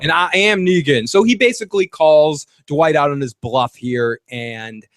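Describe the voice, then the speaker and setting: A male podcast host talks in a loose, rambling way and swears freely. His voice sits a little high, and the sound is dry and close. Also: a little slow, fairly bright tone, no room sound. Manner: rambling, profane, laughing often. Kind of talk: casual podcast chat.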